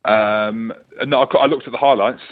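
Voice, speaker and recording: A man's voice: on the low side, fairly even intonation, moderate pace. A man calling in to a sports podcast, rambling and joking in casual banter. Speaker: regular co-host calling in. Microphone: phone line. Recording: muffled phone line.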